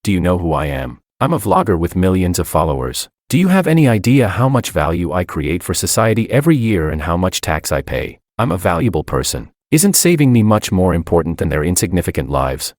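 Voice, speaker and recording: Guy doing a furious spoiled wife, shrill and sneering, pitch swings all over, dry sound. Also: very animated, fairly quick, few pauses, a little mellow, no echo. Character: bitter disabled young wife, selfish and furious.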